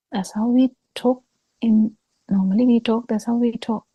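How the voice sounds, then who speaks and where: A woman giving a slow, halting dharma talk over a video call, pausing often as she explains. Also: on the high side, steady tone, warm tone, husky, dry recording, low-quality recording. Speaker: Buddhist teacher.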